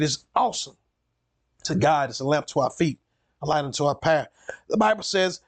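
Male pastor, sermon, slightly high voice, dry close sound, emphatic repetitive delivery. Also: moderate pace, pauses often, no echo.

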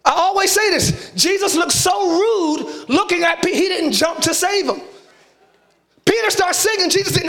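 A man preaching an energetic live sermon as pastor, shouting and hyped, calling on the congregation to respond. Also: extremely high pitch, moderate pace. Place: large church sanctuary with congregation.

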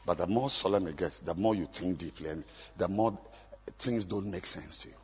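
A man, preaching a sermon as a pastor, swinging from low musing to loud exhortation. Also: moderate pace, slightly rough, muffled recording. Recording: long hall reverb.

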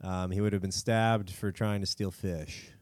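A man's voice: low voice, flat delivery, moderate pace, darkish tone, slight background noise. A man hosting a casual, joking history podcast, rambling and self-mocking in a cold room. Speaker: podcast co-host. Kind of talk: casual comedic history chat.

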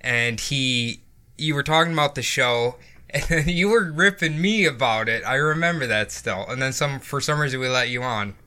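Very bright-voiced male podcast co-host. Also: mid-range voice, normal speed. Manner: laughing, teasing, asks many questions. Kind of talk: casual banter.

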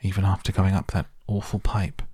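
A man's voice: deep voice, little pitch movement, brisk, mellow, slightly rough, dry recording. A man voicing an eager, kind young boy who speaks in a wide-eyed, earnest way.

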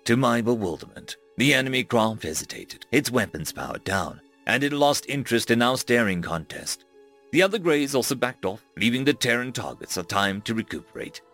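A man narrating a first-person science-fiction story with dramatic, expressive delivery. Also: mid-range voice, a little fast, soft background music.

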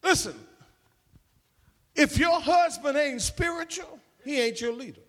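A man's voice: very high voice, unhurried, a bit bright. A man preaching a sermon in an emphatic, call-and-response way, with folksy slang.

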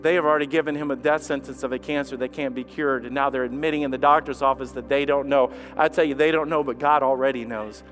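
A man preaching a sermon as lead pastor, impassioned, swinging from hushed to loud and repeating phrases. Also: medium pitch, fairly even intonation, quick pace, few pauses, faint music behind.

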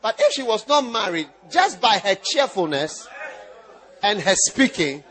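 A pastor preaches a sermon in a high, very animated voice at an unhurried pace, with a faint crowd audible. He teases his listeners with repeated lines and breaks into shouts and laughter.

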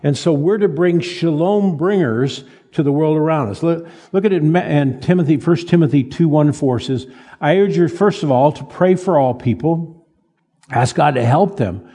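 An older man preaching a sermon in a folksy, halting way, with frequent restarts and self-deprecating humor. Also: on the high side, dark tone, husky. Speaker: pastor. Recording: reverberant hall.

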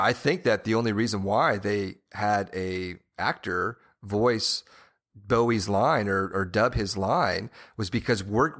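A man with a fairly low voice co-hosts a casual podcast and talks through his theories at length. He rambles and leans on filler phrases, and he restarts sentences often while he thinks. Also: a bit bright. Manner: rambling, with many "you know"s. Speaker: podcast co-host. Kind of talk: casual TV-show discussion.

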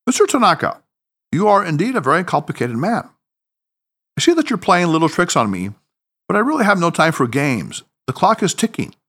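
A proud, irritable psychiatrist, voiced by a male audiobook narrator, who booms his credentials in a raised, lively voice. He blusters with self-importance, pitched up and swinging widely in tone. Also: brisk, full character voice. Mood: pompous. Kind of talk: audiobook character voice.

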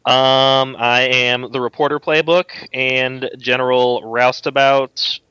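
A man's voice: mid-range voice, level tone, slow, pushed and bright, smooth, no echo, lo-fi sound. A man introducing his character as a player on a tabletop game podcast, dry and joking. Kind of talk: casual chat.

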